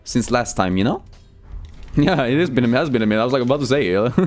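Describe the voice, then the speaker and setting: A man's voice: mid-range voice, big pitch swings, normal speed. A young man streaming a game, chatting casually, joking and swearing while he reads chat aloud.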